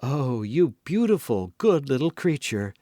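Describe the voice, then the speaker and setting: Guy doing a sly scheming noblewoman, smooth fake warmth, lively pitch. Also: unhurried, no echo, clean studio sound. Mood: effusive. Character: scheming noblewoman, cold and cunning.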